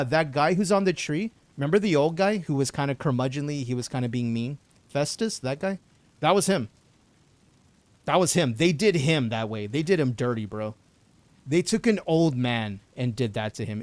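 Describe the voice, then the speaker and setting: A young man talks through a game on a live stream, reading chat and reacting in loose, slangy, profane banter. His voice sits a little high for a man and swings widely in pitch. The sound is dry and close, with no room around it. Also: lively intonation, a little fast, no room sound. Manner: casual, slangy, swears, chats with viewers. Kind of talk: live gameplay commentary.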